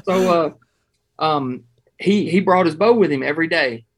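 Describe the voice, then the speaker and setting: A Southern-accented man from Georgia talks in a fairly high, bright voice for a man. He spins hunting yarns with a folksy, animated delivery and chuckles through them, in a relaxed interview chat. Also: a little fast, slightly rough. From Georgia, USA. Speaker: hunting guest. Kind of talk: casual interview storytelling.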